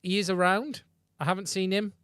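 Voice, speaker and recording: A man's voice: sits high, fairly even intonation, brisk, a bit bright, smooth, no echo, clean studio sound. Chatty man hosting a livestream. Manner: chatty, self-deprecating, repeats himself. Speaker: livestream host. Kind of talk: casual livestream chat. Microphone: studio mic through podcast mixer.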